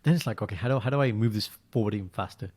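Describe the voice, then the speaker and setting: A man, co-hosting a podcast in casual chat, telling stories with animation that often drops to a quiet, low-key delivery. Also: very fast. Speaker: podcast co-host.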